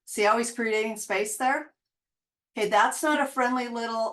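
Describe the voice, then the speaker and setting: A woman's voice: a little high, moderate pace, a bit bright. A woman dog trainer casually explaining dog body language while talking over video clips. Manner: chatty, explanatory, with quoted dog voices. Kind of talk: casual narrated video breakdown.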